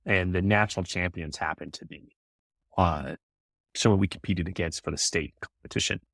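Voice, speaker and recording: Low voiced guy rambling thru stories on a podcast, dry sound. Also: normal speed, fairly bright tone, dry recording. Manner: rambling storyteller, lots of fillers. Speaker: guest. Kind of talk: casual podcast chat.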